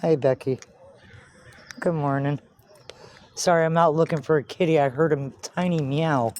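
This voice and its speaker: A woman's voice: low-pitched, steady tone, normal speed, darkish tone. A woman vlogging outdoors on a street, talking to herself and to cats and swearing often. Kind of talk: rambling outdoor vlog. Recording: noisy outdoor recording.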